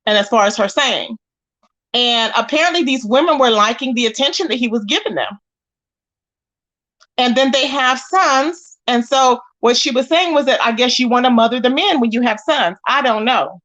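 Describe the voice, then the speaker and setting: A high-voiced woman hosts a casual live-stream, greeting chat viewers and commenting at a moderate pace over poor audio. Animated and exasperated, she rants and acts out quoted lines.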